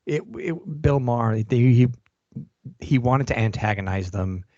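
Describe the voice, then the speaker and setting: A man co-hosting a podcast in casual chat, recounting events in a relaxed way. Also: medium pitch, unhurried, no echo, highs cut off. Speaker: podcast co-host.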